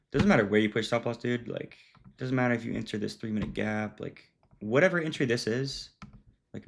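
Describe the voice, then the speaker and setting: A man's voice: mid-range voice, creaky. A young man giving a loose, casual recap of his trades as a trading educator, full of fillers and "dude". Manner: loose, filler-heavy, says "dude" and "bro".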